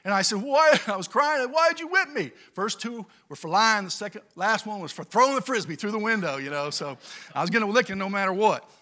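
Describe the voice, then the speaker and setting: A middle-aged man from California preaching a sermon and telling a childhood story, swinging from quiet to loud as he goes. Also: high voice, lively intonation, fast talker. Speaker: pastor.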